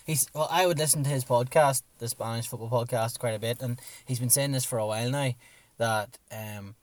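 A man co-hosting a casual football chat, excitable and slightly hoarse, acting out his own shouts as he tells a story. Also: medium pitch, a little fast, no room sound. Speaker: podcast co-host.

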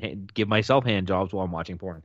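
A man's voice: deep voice, quick pace, no echo, lo-fi sound. A man co-hosting a podcast, reading news with sarcastic commentary and frequent laughs. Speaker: podcast co-host. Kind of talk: casual chat and news commentary.

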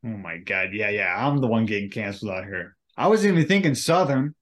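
A man's voice: lowish voice, animated, a little fast. A man co-hosting a podcast, rambling in casual chat and searching for his words. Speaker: podcast co-host.

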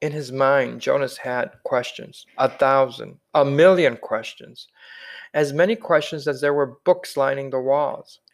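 A man narrating a novel aloud in a calm, measured reading voice. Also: medium pitch, gravelly. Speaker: audiobook reader. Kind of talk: scripted narration.

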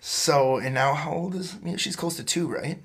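A man hosting a casual chat, asking a friend questions in a relaxed, friendly way and often saying "like". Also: a little high, moderate pace, creaky, husky.

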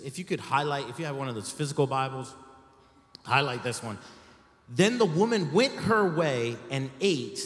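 A male pastor preaching a sermon, animated and lively, breaking into shouts and playful asides to the congregation. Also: medium pitch. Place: church sanctuary. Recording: echoey hall with long reverb.

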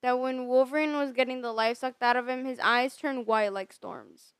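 Chatty woman with a smooth, dry voice. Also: high-pitched, steady tone, normal speed, no echo. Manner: chatty, fills in plot details. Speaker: movie recap co-host. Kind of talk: casual chat.

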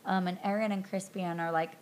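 A woman hosting a podcast, recounting a film scene by scene in a chatty, animated way, full of ums and likes. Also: lowish voice, a little fast, slight background noise. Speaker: podcast host recapping a film. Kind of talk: casual recap narration.

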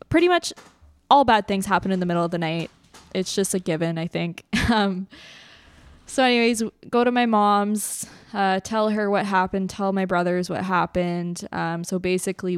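A young woman from Canada tells a personal story in a loose, chatty way, filling her sentences with "like" and laughing between lines. Her voice sits a little low and sounds smooth and clear. The sound is dry and close, with no room echo. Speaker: podcast co-host. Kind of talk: casual storytelling.

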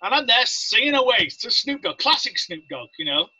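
High, bright-voiced English man telling stories. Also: big pitch swings, fairly quick, slightly rough, dry recording, poor audio. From England. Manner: rambling, anecdotal, acts out quotes. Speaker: podcast guest, Navy veteran. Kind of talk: casual storytelling.

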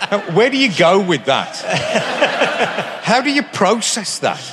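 A man's voice: high-pitched, huge pitch swings, moderate pace, heavy background noise. A man in his fifties, a guest in a live stage interview, telling rambling anecdotes that keep restarting and interrupting themselves. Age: 50s. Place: large concert hall with live audience. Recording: reverberant live hall.

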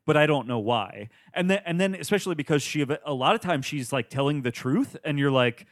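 A man's voice: fairly high pitch, animated, fairly quick, no echo, clean studio sound. A man co-hosting a podcast, talking through his thoughts on movies, restarting sentences as he searches for words. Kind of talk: casual movie chat.

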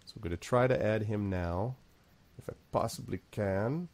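Narrating a streamed tabletop session as game master, a man wanders off track, laughs often and makes fun of himself, heard over a video-call mic. His voice is lowish and darkish, at a normal speed.

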